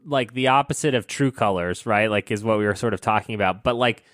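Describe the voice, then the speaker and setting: A man's voice: on the low side, a little fast, fairly bright tone, no echo, studio quality. A man co-hosting a podcast, chatting casually in a rambling, self-deprecating way with lots of filler words. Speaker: podcast co-host. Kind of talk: casual chat.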